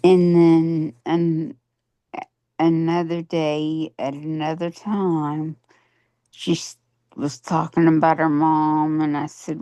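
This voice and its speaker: A woman's voice: deep voice, steady tone, slow pace, mellow, no room sound. A woman telling a personal story in a coaching session, earnest and plain-spoken, acting out what people said. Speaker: coaching client.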